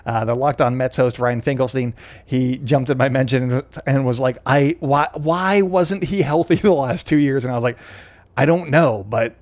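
A man's voice: mid-range voice, no room sound. A young man hosting a podcast, casually recapping a baseball game in a rambling, chatty way, often correcting himself. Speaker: podcast host.

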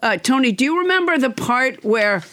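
A woman co-hosting a casual comedy chat, teasing and joking in deadpan summaries. Her voice sits on the higher side and moves around animatedly. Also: normal speed. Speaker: podcast co-host.

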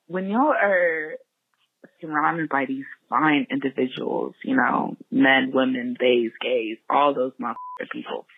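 Rowdy caller, husky voice, tinny phone line. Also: medium pitch, unhurried, no echo. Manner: loud, crude and excitable. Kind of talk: phone-in question.

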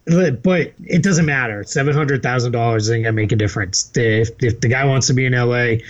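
A man with a faint Boston accent, co-hosting a podcast in casual, animated chat. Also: mid-range voice, a little fast, lo-fi sound. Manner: animated, laughs easily. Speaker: podcast co-host.

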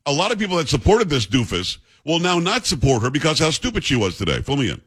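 A man's voice: a little high, wildly swooping pitch, fast talker, a bit bright, husky. A male radio talk show host in blunt, joking, opinionated banter with a co-host. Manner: blunt, joking, self-mocking.

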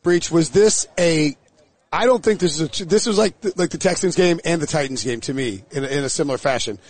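Brief: high-pitched male podcast host, energetic, joking, dry close sound. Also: dry recording. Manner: energetic, joking, quick asides. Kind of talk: casual sports podcast chat. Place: outdoors near a stadium set.

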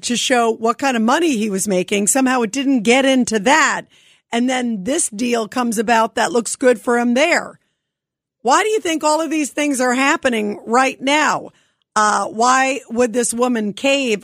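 Woman radio host, emphatic and indignant, fairly high voice, dry close sound. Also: no echo. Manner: emphatic, indignant, rhetorical questions. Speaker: radio talk show host. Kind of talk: opinionated talk radio.

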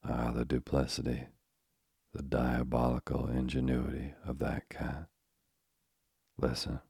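Very deep, gravelly bedtime story narrator. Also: male voice, monotone, a little mellow, no echo, studio quality. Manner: slow, solemn, dramatic storytelling.

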